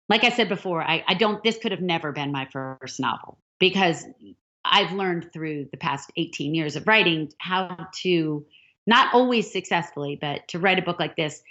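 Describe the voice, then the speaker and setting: Lively woman, novelist guest. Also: fairly low pitch. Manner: animated storyteller, acts out quoted dialogue. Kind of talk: storytelling interview answer. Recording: dull lo-fi sound.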